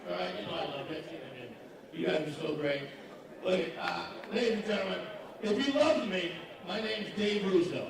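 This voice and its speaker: At a breakfast event, a Massachusetts comic with a high-pitched voice ribs the audience during a profane stand-up set full of crowd work, speaking at a moderate pace. An echoey hall, a far-off mic and crowd noise color the recording.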